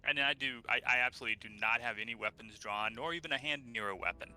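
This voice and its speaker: A man at a tabletop role-playing session, talking casually with the game master. His voice is very bright at a middle pitch. Faint music plays underneath. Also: quick pace. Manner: casual, chatty. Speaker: player.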